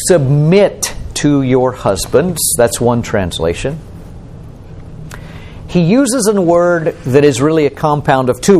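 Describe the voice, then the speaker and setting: A man's voice: a little high, a little mellow, a little hiss or hum. A male pastor preaching a sermon, explaining scripture and asking the listeners questions. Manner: questioning, explanatory, asks the congregation.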